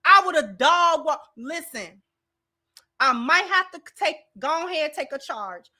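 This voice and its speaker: A woman's voice: sits high, expressive, slow pace, sharp tone. A woman hosting a commentary channel, reacting in a sassy, emphatic way and calling people baby.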